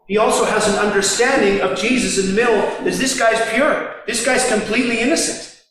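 A man's voice: high-pitched, a little fast, fairly bright tone. A man preaching a sermon, acting out the mockers' lines with sarcasm. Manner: acts out the mockers' voices with sarcasm. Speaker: pastor. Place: large echoing hall. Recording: distant mic in a reverberant hall.

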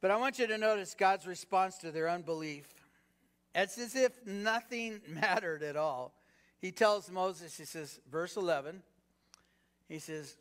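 A man's voice: high voice, unhurried, fairly bright tone. A man preaching a sermon in a conversational way, firing rhetorical questions at the congregation and filling gaps with "you know". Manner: peppered with "you know" fillers. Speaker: pastor.

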